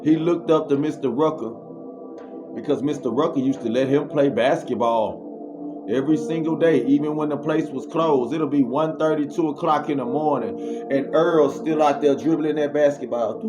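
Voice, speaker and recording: A man vlogger telling a story in an animated, slangy way and then preaching, with sound effects he makes himself. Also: a little high, normal speed. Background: music.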